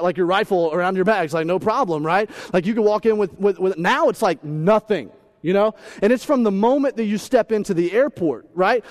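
High-voiced guy preaching, jokey and animated, thirties. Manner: animated, playful, acts out voices and shouts. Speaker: pastor. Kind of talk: humorous sermon.

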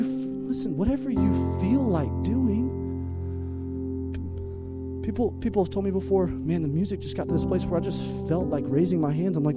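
A man preaching a lively, humorous sermon as pastor, energetic and jokey, swinging from loud calls to hushed asides. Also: on the high side.

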